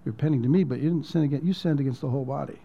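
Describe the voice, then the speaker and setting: Pastor telling a story, lo-fi. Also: male voice, mid-range voice, very fast, gravelly. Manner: conversational, repeats words, drops to near-whisper at emotional points. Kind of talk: sermon storytelling.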